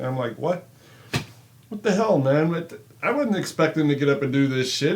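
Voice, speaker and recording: A man's voice: on the high side, slight background noise. A man co-hosting a casual talk show, swearing freely, laughing often and acting out quotes. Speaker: show co-host. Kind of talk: casual banter.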